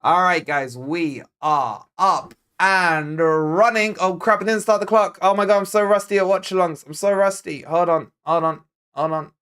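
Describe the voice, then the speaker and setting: A fairly high-voiced man with a Scottish accent hosts a live football watch-along. He keeps it casual and jokey, answering viewer messages one after another. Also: moderate pace, fairly bright tone, clear, resonant tone. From Scotland. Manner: chatty, jokey, reads viewer comments aloud. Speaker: football fan channel host.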